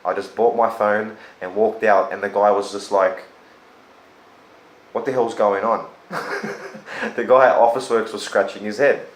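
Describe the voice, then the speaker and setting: A man's voice: fairly low pitch, fairly even intonation, a little slow, echoey room, rough recording. A man, talking earnestly and telling a story in a casual conversation. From Australia. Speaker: host. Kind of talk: casual chat.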